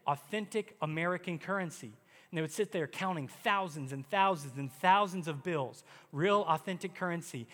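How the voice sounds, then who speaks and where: A man's voice: a little high, fairly bright tone. A man preaching a sermon as pastor, emphatic and acting out quoted prayers in his delivery. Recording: long hall reverb.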